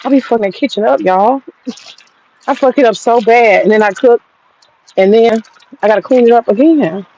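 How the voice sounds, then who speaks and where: A woman's voice: fairly high pitch, moderate pace, darkish tone. Chatty, profane woman on a lo-fi phone livestream. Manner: chatty, profane, laughs often. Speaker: livestream host. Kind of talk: casual livestream chat. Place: home garden.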